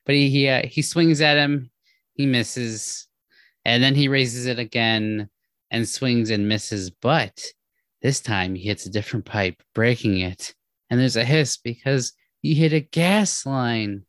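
A man in the middle of his vocal range, talking through a story with animated asides and quick restarts. The sound is close and dry, with no room around it. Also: medium pitch, no echo. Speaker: podcast co-host. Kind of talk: casual book discussion.

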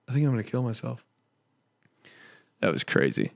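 A man's voice: mid-range voice, sing-song, moderate pace, vocal fry, very noisy. A man in his twenties from Indiana, hosting a casual solo podcast with rambling, profane storytelling. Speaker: podcast host and comedian.

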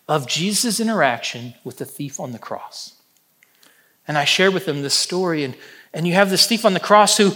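A man preaching a sermon, building up through loud, emphatic repetitions and then dropping to soft, hushed endings, with personal stories woven in. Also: a little high. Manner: storytelling, personal anecdotes. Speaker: pastor.

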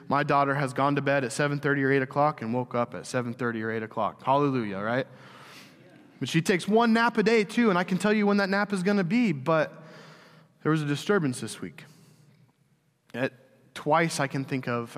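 Young male pastor, earnest storytelling sermon, mid-pitched voice, long hall echo.

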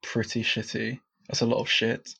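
A man co-hosting a casual podcast about a TV show, relaxed and quick to laugh. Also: medium pitch, vocal fry, breathy edge. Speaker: podcast co-host. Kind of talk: casual chat reviewing a TV show. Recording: slightly dull audio.

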